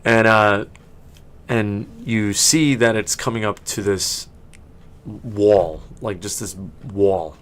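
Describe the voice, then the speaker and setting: Rambling, low-voiced male game master. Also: steady tone, takes it slowly, a bit bright, clean tone. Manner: rambling, full of fillers and restarts, laughing often. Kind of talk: narrating a tabletop game.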